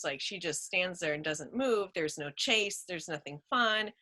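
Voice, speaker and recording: A woman's voice: medium pitch, expressive, normal speed, hardly any pauses, bright, forceful tone, poor audio. A woman chatting as a guest about rescue dogs, with lots of "you know" and "like.". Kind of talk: casual chat.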